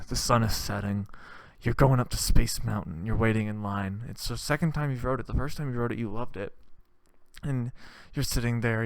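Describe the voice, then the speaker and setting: A man's voice: lowish voice, clean tone, dry recording, studio quality. A man hosting a comedy podcast, telling a crude, rambling comic story. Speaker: podcast host. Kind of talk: comedic monologue.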